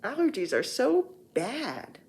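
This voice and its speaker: A woman's voice: fairly high pitch, wildly swooping pitch, slow pace, a little mellow. A woman in her sixties chatting casually as a cross-stitch vlogger, rambling and joking while seated on the floor at home. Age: 60s. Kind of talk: casual chat.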